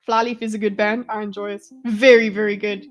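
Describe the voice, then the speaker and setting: A woman's voice: mid-range voice, little pitch movement, a little fast. South African woman streamer, rambling. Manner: rambling, swears and laughs often. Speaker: livestream commentator. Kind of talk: casual livestream commentary. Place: home streaming setup.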